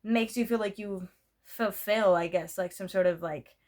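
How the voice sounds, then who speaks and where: A young woman talks to her camera in a loose, rambling vlog. She circles around her points, restarts her sentences and fills the pauses with "like" and "you know what I mean". Her pitch sits in the middle for a woman. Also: a little mellow. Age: young adult. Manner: rambling, talkative, many fillers and restarts. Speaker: vlogger. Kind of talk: casual vlog monologue. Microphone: camera mic.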